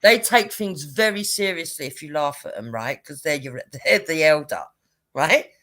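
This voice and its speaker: Narradora británica de mediana edad en charla informal, con entonación muy viva y risas frecuentes. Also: female voice, sits low, moderate pace. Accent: British English. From Britain. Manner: lively storytelling, laughs often, swears casually. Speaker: panel guest. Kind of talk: casual anecdote on a live panel show.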